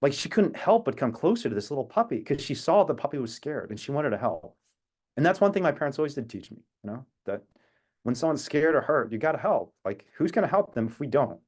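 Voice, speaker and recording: A man talks earnestly over a video call, winding through a personal story with reflective tangents. His voice sits at an ordinary middle pitch, neither high nor low. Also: big pitch swings, fast, darkish tone, husky. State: emotional at times. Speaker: activist speaker.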